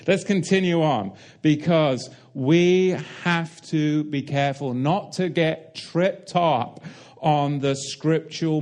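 A man's voice: a little high, a little mellow. A man preaching a sermon, emphatic and direct, asking the listeners rhetorical questions and explaining Hebrew and Greek terms.

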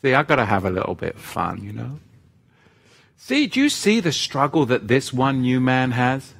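A man teaching on a live stream and reading viewers' comments aloud. He talks in a feisty, teasing way, jumping from loud outbursts to soft asides, and leads a prayer. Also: mid-range voice, sing-song, normal speed, gravelly, husky. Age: parent of children living at home.

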